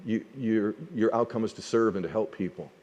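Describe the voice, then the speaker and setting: A man voicing an older male mentor, speaking softly and earnestly in a deep voice. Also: fast talker, in a large hall, natural voice. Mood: earnest, gentle.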